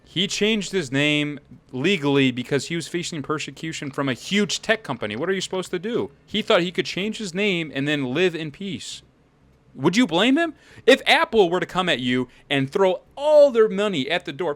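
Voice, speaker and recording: Brash, bright-voiced male streamer. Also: high voice. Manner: brash, rambling, argumentative. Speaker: streamer playing a defense lawyer in a courtroom game. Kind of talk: improvised role-play banter.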